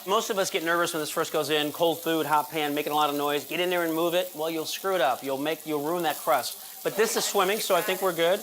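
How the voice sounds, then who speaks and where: A man's voice: on the high side, fast, hardly any pauses, fairly bright tone. Upbeat male cooking show host. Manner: upbeat, chatty, talks viewers through each step. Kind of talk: cooking demonstration.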